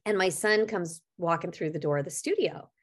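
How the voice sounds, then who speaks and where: A woman's voice: fairly low pitch, moderate pace, slightly rough. A middle-aged woman co-hosting a podcast, telling a personal story in an earnest, reflective, conversational way. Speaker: podcast co-host.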